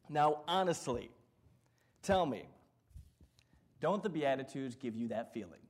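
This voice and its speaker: Man giving a sermon, higher voice, jokey stories, acts out the voices. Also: animated, measured pace, long pauses, a little mellow. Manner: storytelling, humorous, acts out quotes. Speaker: pastor.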